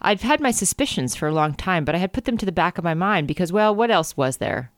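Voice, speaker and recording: A man's voice: high-pitched, animated, fast, a bit bright, no room sound, studio quality. A man co-hosting a comedy podcast, reading a book aloud and riffing on it in a jokey, laughing way. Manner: jokey, reads passages then riffs with laughter.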